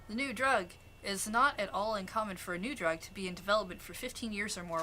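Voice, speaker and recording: A woman's voice: mid-range voice, brisk, a little hiss or hum. Woman narrating a visual novel. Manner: steady narration with asides. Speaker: streamer. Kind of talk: reading a visual novel aloud. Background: game music.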